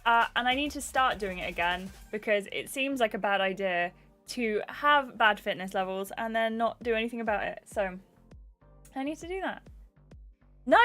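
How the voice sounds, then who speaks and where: A woman's voice: a little high, expressive, moderate pace, bright, forceful tone, faint music behind. A young adult woman livestreaming a game, chatting casually and greeting viewers by name. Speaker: gaming livestreamer.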